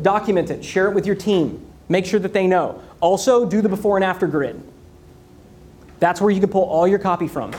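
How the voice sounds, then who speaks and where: A man giving an energetic business keynote, telling stories and firing rhetorical questions with lots of repetition. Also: sits high. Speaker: conference speaker.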